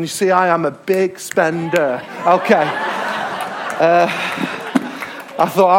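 A man's voice: high-pitched, steady tone, slow, pauses often, crowd noise, noisy background. An English man preaching a sermon as pastor, telling a travel story with emphatic repetitions. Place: church hall.

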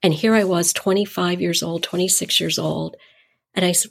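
A middle-aged woman with a gravelly, husky voice that sits on the lower side. She tells her stories conversationally as an interview guest and slips into lively acted-out dialogue. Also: normal speed. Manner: animated, acts out dialogue in her anecdotes. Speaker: nonprofit founder, interview guest. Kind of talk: conversational storytelling.

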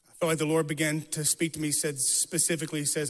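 A man's voice: fairly high pitch, flat delivery, fast, big-room sound. A man preaching an earnest sermon, telling a personal story with emphatic, repeated phrases. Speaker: pastor.

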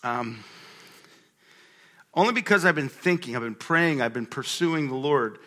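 Bright-voiced male pastor preaching. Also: medium pitch, lively intonation, a little slow. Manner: conversational, reads aloud and asks the room questions. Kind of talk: sermon with scripture reading.

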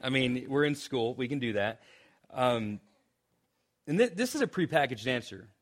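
A young male pastor preaching in a loose, conversational way, often restarting phrases. He slips in joking asides and keeps his voice at an ordinary middle pitch. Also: animated, moderate pace. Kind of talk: sermon.

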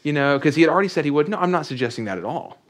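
A man's voice: a little high, expressive, racing. A man preaching a sermon in a conversational way, reading scripture aloud and adding joking asides. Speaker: pastor.

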